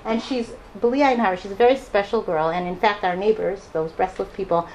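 A woman's voice: mid-range voice, fairly quick, a little mellow, a little hiss or hum, poor audio. A mother telling personal stories to a live audience, laughing often and acting out the people she quotes. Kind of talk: personal storytelling talk.

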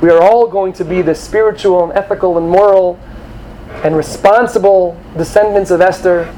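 A man giving an animated sermon to young students, acting out quoted voices and sprinkling in Hebrew terms. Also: high-pitched, normal speed, a little hiss or hum, poor audio. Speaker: rabbi or teacher addressing students.

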